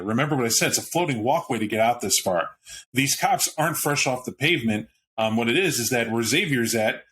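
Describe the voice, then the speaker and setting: Bright-voiced male game storyteller. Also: mid-range voice, a little hiss or hum. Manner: lively, chuckling, jumps into character voices. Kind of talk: narrating a tabletop role-playing game.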